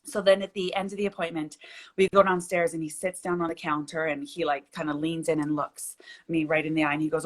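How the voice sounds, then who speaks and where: Young female business owner, lower register, lively storyteller, video-call interview. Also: quick pace. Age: young adult. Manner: animated storyteller, acts out quoted dialogue. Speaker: guest, bridal shop owner.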